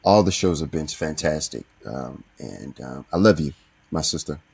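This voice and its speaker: A man's voice: lively intonation, normal speed, darkish tone. A man hosting a recovery podcast, talking in an earnest, heartfelt way. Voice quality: very deep, husky. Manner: earnest, heartfelt, many restarts. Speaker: podcast host.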